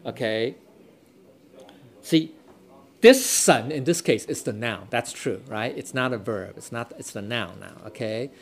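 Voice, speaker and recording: A man's voice: mid-range voice, a little slow. A man teaching a Dao scripture lesson in a loose, repetitive way, constantly checking in with his class and mixing in Chinese readings. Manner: repeats himself, checks in with "okay? right?"; switches between English and Chinese readings.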